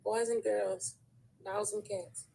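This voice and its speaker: A woman calling into a live stream, fervent and preachy, building into loud run-on lists. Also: medium pitch, fairly even intonation, takes it slowly, creaky, rough recording. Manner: fervent, rising into loud rants. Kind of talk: impassioned live-call testimony.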